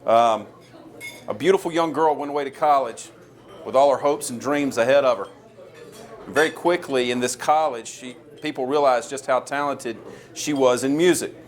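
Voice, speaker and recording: A man in his forties speaks with a Southern American drawl. He gives a campaign stump speech in a folksy, storytelling way, pitched in a plain middle register. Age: 40s. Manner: folksy, earnest storytelling with a crowd-rousing push. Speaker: presidential candidate.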